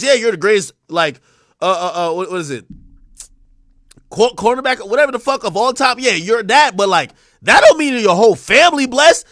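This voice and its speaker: Male streamer, young adult, high and very animated, rambling profane rants, dry mic. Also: moderate pace, no echo. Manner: animated, swings from mumbling to shouting. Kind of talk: live-stream commentary.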